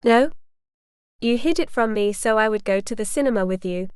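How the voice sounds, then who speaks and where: A charming male filmmaker bubbles over with theatrical enthusiasm, eager to sell his big idea, voiced by a woman narrator. The voice is smooth and clean, sitting a little high, and dry with no room around it. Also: normal speed, darkish tone, dry recording, close to an everyday voice.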